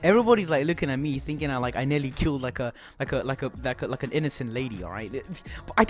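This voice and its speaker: A young man telling a rambling, animated story to camera, swearing often. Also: mid-range voice, fairly quick, faint music behind. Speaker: vlogger.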